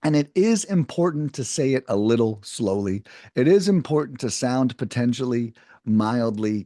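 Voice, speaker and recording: Lively man coaching cold callers. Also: mid-range voice, dry recording, clean studio sound. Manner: animated, talks to viewers as guys, acts out sample phone lines. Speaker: cold calling sales trainer. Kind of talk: casual coaching lesson to camera.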